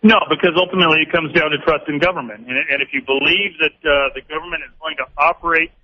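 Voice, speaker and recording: A man who is a congressman, answering a radio host firmly with practiced talking points and frequent pauses, heard over dull lo-fi broadcast audio. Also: a little high. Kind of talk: political radio interview answers.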